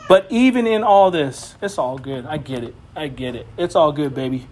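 A man's voice: fairly high pitch, expressive, normal speed, a little mellow, slight background noise. A man giving a casual sermon as a Bible teacher, passionate and slangy, often laughing as he preaches.

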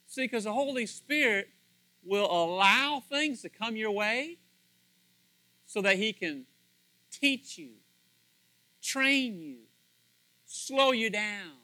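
Bright high-voiced preaching man. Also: slow pace, pauses often, no room sound, poor audio. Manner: animated, conversational, repeats words, acts out quotes. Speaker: pastor. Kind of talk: sermon.

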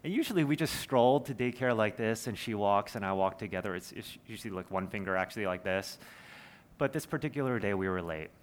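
A man's voice: on the low side, lively intonation, fairly quick. A man, preaching a sermon in an earnest, conversational way with personal stories. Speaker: pastor.

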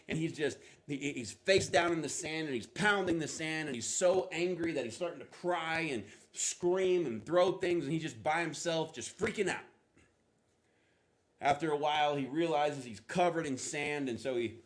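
A man preaching a sermon, telling a story with halting restarts and acting out the speakers with rising intensity. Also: a little high. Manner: animated, acts out the lines with rising intensity; halting, repeats words while searching. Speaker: pastor.

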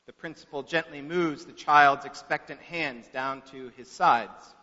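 Forceful slow-speaking male preacher. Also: fairly high pitch. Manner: slow, with long pauses and shifts from soft to loud. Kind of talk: sermon with dramatic storytelling. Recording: echoey hall, dull lo-fi sound.

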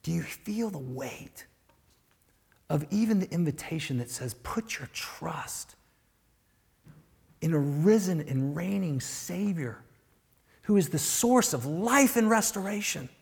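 A man preaching a sermon as pastor, swinging from loud, emphatic lines down to hushed whispers. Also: high-pitched, animated, unhurried, vocal fry, slightly rough. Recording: long reverb of a large hall.

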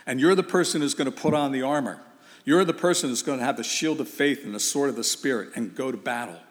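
A man's voice: mid-range voice, fast talker, in a large hall. A man preaching a sermon, asking his listeners rhetorical questions and repeating phrases for emphasis.

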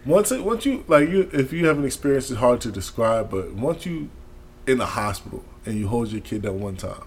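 A man co-hosting a podcast, talking in an animated, slangy and emphatic way in casual chat. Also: medium pitch, fairly quick. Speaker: podcast co-host.

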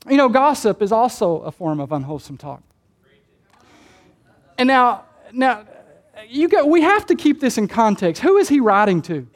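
A woman with a high voice delivers a sermon, laughing now and then as she jokes. She often repeats words at the start of her phrases. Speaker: preacher.

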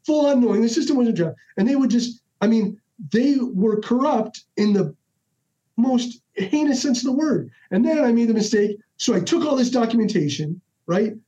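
A middle-aged man, a podcast guest, telling stories in a casual, animated way and acting out the dialogue with lots of restarts. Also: extremely high pitch, normal speed. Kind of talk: casual storytelling. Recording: dull lo-fi audio.

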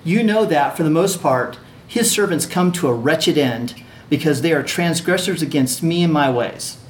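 A man's voice: on the high side, expressive, moderate pace. A man teaching a class on a religious allegory, talking conversationally, repeating phrases and checking in with his listeners. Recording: echoey room with faint ambient noise.

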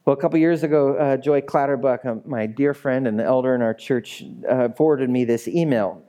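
A man's voice: mid-range voice, mellow. A male pastor preaching a sermon in a conversational way, with playful asides and emphatic repetition.

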